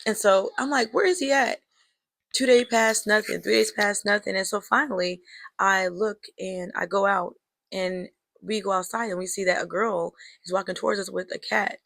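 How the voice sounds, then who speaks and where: A young woman tells a story straight to her viewers, chatty and reflective, calling them girl and y'all. Her voice is bright with a gravelly, fry-laden edge. The sound is close and dry. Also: mid-range voice, steady tone, normal speed, dry recording. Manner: reflective, draws life lessons. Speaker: vlogger telling a personal story. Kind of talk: casual storytelling to camera.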